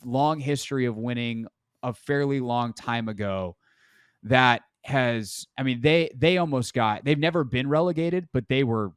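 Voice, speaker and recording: A man's voice: mid-range voice, measured pace, smooth, dry recording, clean studio sound. A man co-hosting a sports podcast in casual chat, rambling and joking as he corrects himself mid-sentence. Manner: rambling, self-correcting, jokey. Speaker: podcast co-host.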